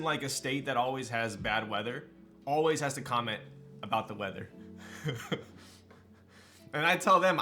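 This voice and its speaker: A man's voice: medium pitch, sharp tone. Laid-back, slangy young man streaming. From Southern California. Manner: laid-back, slangy, with frequent fillers and laughs. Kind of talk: casual live-stream chat. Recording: light music behind.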